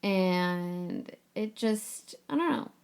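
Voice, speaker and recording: A woman's voice: mid-range voice, animated, drawn-out words, gravelly, a little mellow. A woman hosting a casual solo podcast, talking in a chatty, upbeat and playful way with casual swearing. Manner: playful, breezy. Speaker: podcast host.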